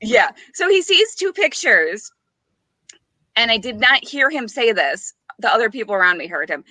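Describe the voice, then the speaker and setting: Woman co-host, bright lively anecdote teller, laughs through lines. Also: a little high, moderate pace, no echo. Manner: giggly, acts out quotes, many restarts. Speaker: podcast co-host. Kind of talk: casual chat, animated storytelling.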